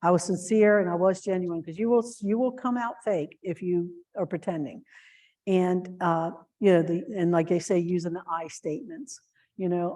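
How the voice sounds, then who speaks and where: A woman's voice: lowish voice, normal speed, mellow. A woman giving earnest training to shelter volunteers, with plenty of fillers and restarts. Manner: acts out example phrases in a lifted voice.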